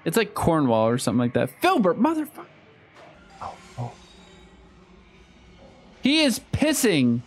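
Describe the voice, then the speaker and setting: A man's voice: medium pitch, huge pitch swings, a little slow, pauses often, faint music behind. A young man commenting live on a horror game he is playing, swearing often and reacting in sudden outbursts. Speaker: streamer.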